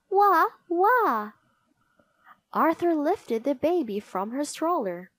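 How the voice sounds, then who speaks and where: A woman reading a children's picture book aloud, expressive and sing-song. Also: a little high, dry recording. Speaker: storybook reader. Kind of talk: children's read-aloud narration.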